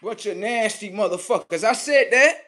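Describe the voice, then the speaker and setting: A man hosting a livestream, swearing heavily in a mocking rant that swings between loud high outbursts and low muttering. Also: animated, moderate pace. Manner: heavy swearing, mocking, talks at the audience. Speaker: livestream host.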